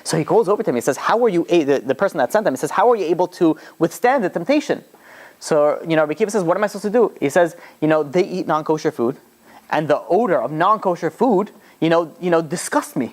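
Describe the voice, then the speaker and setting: A rabbi retelling stories in a lecture, loose and chatty with many fillers, jumping up in pitch as he acts out quoted lines. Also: fast. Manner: animated retelling, voices quoted lines with sharp rises in pitch. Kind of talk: storytelling lecture.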